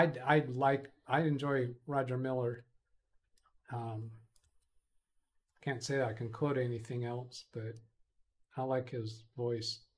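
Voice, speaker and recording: A man hosting a casual live stream, rambling as he reads chat messages aloud and answers them. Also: medium pitch. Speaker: host of a live tech stream.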